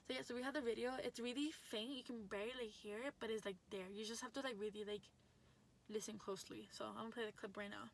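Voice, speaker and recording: Young female vlogger, slightly high voice, casual rambling storyteller who gets excitable. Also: fast talker, slight background noise. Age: young adult.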